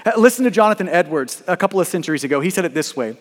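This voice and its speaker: High-voiced man preaching in a big hall. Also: very animated, fast talker, few pauses. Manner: earnest, emphatic, repeats words when stressing. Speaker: pastor. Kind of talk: sermon.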